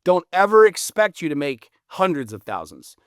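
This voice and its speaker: Blunt, animated man in a dry room. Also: high voice, moderate pace, no echo. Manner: animated storyteller, blunt and profane. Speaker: podcast guest. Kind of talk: casual podcast conversation.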